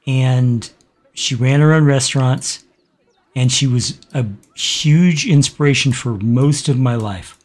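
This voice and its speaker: Man host, middle pitch, unhurried, halting and reflective delivery, many pauses. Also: a little mellow. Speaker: gaming channel host. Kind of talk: casual let's-play commentary with a personal story.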